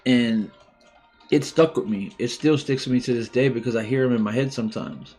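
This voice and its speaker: Heartfelt halting man in his forties. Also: mid-range voice, darkish tone, faint music behind. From United States. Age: 40s. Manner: halting and heartfelt, many restarts. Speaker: livestream host. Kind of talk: emotional personal talk.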